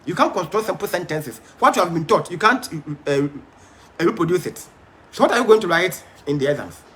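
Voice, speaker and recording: A man's voice: sits high, expressive, brisk, fairly bright tone. A man teaching a Bible study, emphatic but hesitant, with frequent fillers and restarts.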